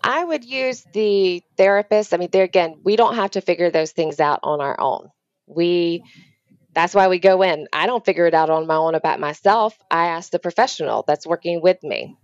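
A woman's voice: lowish voice, moderate pace, no echo, dull audio. A woman therapist giving explanatory advice over a video call, with frequent ums. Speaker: therapist guest. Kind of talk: remote interview conversation.

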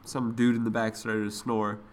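A man's voice: fairly low pitch, flat delivery, fairly quick. A young man in casual chat who mostly gives short, easygoing replies and sometimes tells a brief story of his own.

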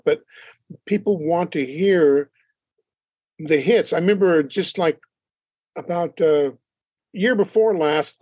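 A man, a band leader and drummer, chatting in an interview and telling animated stories with frequent laughs. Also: fairly high pitch, no echo. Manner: animated storyteller, acts out quotes, laughs often. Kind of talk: casual interview chat.

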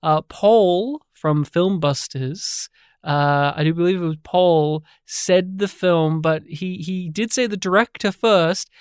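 A man's voice: high-pitched, slow pace, smooth, no echo, studio quality. A man, co-hosting a podcast in a jokey, rambling way. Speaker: podcast co-host. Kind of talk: casual chat.

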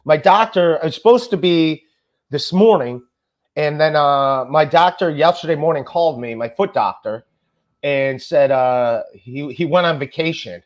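A man's voice: a little high, measured pace. A man hosting a casual podcast chat, rambling and stammering as he talks. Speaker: podcast host.

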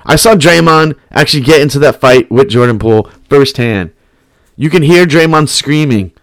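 A man's voice: fairly high pitch, lively intonation, moderate pace, no room sound, clean studio sound. A young man telling a story in casual, profane, slang-heavy speech, laughing often.

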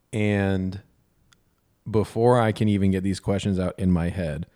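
Man, low voice, casual podcast chat, candid, self-deprecating storyteller. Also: warm tone. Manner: candid, self-deprecating, quotes others in dialogue. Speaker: podcast co-host.

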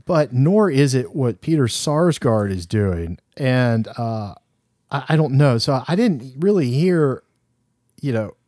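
A man's voice: medium pitch, slow, no room sound, clean studio sound. Chatty man, podcast co-host. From Louisiana. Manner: chatty, animated, jokey. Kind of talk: casual chat.

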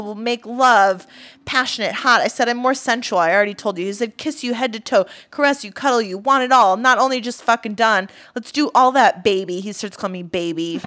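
A woman's voice: fairly high pitch, a bit bright. A woman telling a story in casual chat, bluntly reading out text messages.

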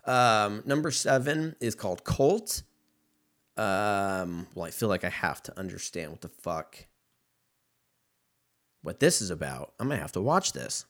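A man's voice: on the low side, big pitch swings, unhurried, pauses often, fairly bright tone. A man rambling in a casual, profane solo monologue, laughing often and drifting between topics.

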